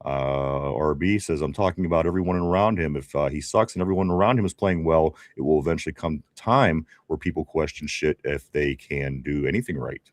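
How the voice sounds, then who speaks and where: A man's voice: extremely low pitch, a little fast, hardly any pauses, dry recording, studio quality. A man with a Pittsburgh accent hosting a casual sports talk show, reading viewer comments aloud, chatty, with frequent laughs and restarts. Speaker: podcast host reading live chat.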